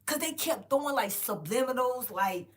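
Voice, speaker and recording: A woman vlogger telling a casual storytime monologue straight to her viewers, animated and emphatic, with plenty of swearing. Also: on the high side, moderate pace. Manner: directly addresses viewers.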